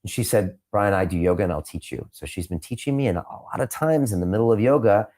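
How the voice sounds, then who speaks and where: Male podcast host in the hot seat, lowish voice, punchy repetitive emphasis, reflective asides. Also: quick pace. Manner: emphatic, repeats phrases for punch; reflective, sometimes quiet and emotional. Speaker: podcast host being interviewed. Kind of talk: candid interview answers.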